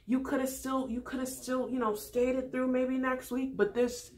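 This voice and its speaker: A young woman in her twenties giving a frank, animated casual recap of a TV show as the host of her vlog. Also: high-pitched, normal speed. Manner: frank, animated storytelling with candid opinions.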